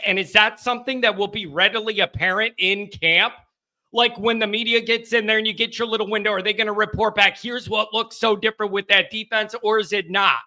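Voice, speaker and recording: Bright, high-voiced male sports stream host. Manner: rambling, joking, teasing chat viewers. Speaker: host of a live sports call-in show. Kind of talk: casual live-stream chat. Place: home studio.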